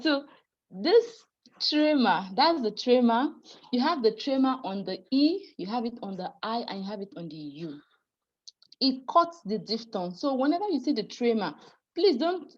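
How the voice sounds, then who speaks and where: A woman's voice: a little high, highs cut off. A woman teaching French pronunciation in an online class, patient and apologetic, often laughing and calling students dear.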